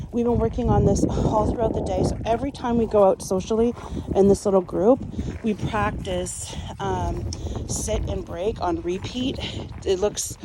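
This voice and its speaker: A woman dog trainer talks through her methods out in a yard, her explanations steady and her commands to the dogs jumping up high and cheerful. Her voice sits at a medium pitch. Steady outdoor noise runs under the whole noisy recording. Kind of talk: casual training demonstration.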